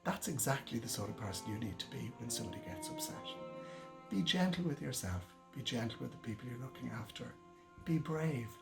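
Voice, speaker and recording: A man giving a gentle, reassuring training talk to carers, speaking directly to his audience. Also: medium pitch, animated, fast, gravelly, music in the background. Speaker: care trainer. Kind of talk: instructional talk to camera.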